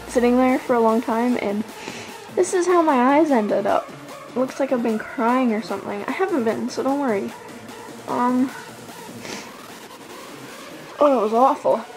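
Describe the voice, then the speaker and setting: A woman's voice: sits high, normal speed, long pauses, poor audio. Giddy rambling woman vlogger, music behind. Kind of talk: casual rambling vlog talk. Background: song playing in the background.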